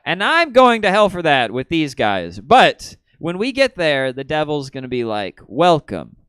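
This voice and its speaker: A man doing a stand-up comedy set on a theater stage, shifting from deadpan storytelling to excited outbursts. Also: fairly high pitch, moderate pace, clear, resonant tone, no room sound.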